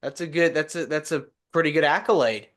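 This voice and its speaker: Higher-voiced man hosting an interview. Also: brisk, a bit bright. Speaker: podcast host. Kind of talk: casual interview.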